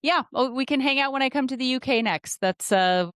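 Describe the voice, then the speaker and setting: A woman comedian talking candidly in a casual interview, with quick jokes and asides. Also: high voice, a bit bright, clean tone, dry recording, studio quality. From Idaho, USA. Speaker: comedian guest.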